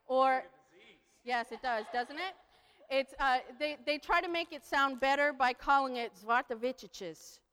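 Woman, high-pitched, slow-paced, playful presenter, audience call-and-response, reverberant hall. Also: a bit bright, a little hiss or hum. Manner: playful, leads the crowd in repeating phrases. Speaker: speaker giving a talk to an audience. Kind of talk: lively presentation with audience participation.

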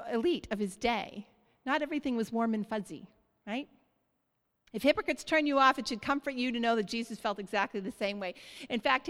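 A woman pastor delivering a sermon in a church, preaching with animated, rising emphasis. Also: fairly high pitch. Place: church sanctuary. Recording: hall reverb.

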